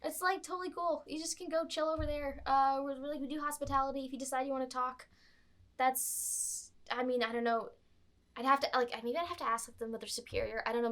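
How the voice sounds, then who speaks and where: A woman voicing a bored, laid-back young valley-girl nun with a flat drawl. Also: high voice. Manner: drawling, flat, vocal-fry sulk.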